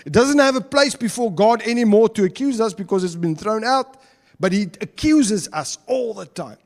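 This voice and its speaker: A high-pitched, darkish-toned man with an Afrikaans South African accent gives a chatty sermon at normal speed with lively intonation. Joking with the congregation, he slips between English and Afrikaans as the church hall's long reverb trails behind him.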